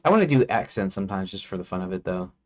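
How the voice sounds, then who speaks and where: A man's voice: sits low, lively intonation, very fast. A man streaming his game development work, thinking aloud as he goes, with restarts and counting under his breath. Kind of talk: casual work-along commentary.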